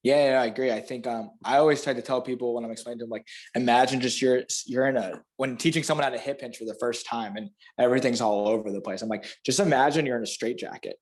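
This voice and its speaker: A man with a Florida panhandle accent chats easily as a podcast guest, medium-pitched. He explains training cues with vivid images and laughs often. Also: steady tone, fast, few pauses, darkish tone. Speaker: guest, fitness clinician. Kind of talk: casual podcast chat.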